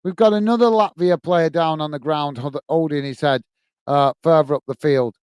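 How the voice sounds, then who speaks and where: A friendly man hosts a live football stream, calling the play and chatting with viewers between moves. His voice sits a touch high and sounds clean and smooth, recorded close on a dry mic with no room sound. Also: moderate pace, darkish tone, dry recording. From United Kingdom. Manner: chatty, reads out viewer comments and thanks them by name; many fillers and restarts, friendly banter. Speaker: host of a football watch-along stream. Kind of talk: live match commentary and chat with viewers.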